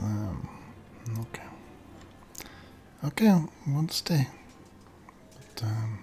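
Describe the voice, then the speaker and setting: A woman's voice: a bass voice, a little mellow, a little hiss or hum, exaggerated voice. A woman voicing a young giant boy who pleads hesitantly to join the group. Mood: resigned. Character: young giant boy, eager but sulking.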